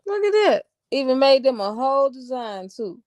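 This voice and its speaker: A woman's voice: high-pitched, sing-song, normal speed, darkish tone, no echo. A woman giving casual reaction commentary in a sarcastic, mocking tone, talking back at what she watches. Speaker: online commentator.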